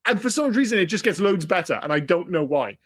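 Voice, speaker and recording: Higher-voiced man, lively podcast chat. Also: quick pace, breathy edge. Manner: animated, swears freely, acts out lines in quoted voices. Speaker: podcast co-host. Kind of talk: casual film-review chat.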